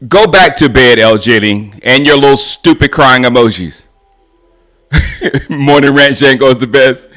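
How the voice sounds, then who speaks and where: A man's voice: mid-range voice, measured pace, a bit bright. A man hosting his own live stream, ranting about football in a casual, mocking way, often laughing and restarting his sentences. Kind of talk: casual sports rant.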